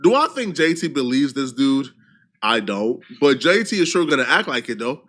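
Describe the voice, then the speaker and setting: A man's voice: medium pitch, sing-song, normal speed, fairly bright tone. A man hosting casual commentary on celebrity gossip, wry, reading out posts and asking "okay?". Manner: wry, reads out quotes, asks "okay?". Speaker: host.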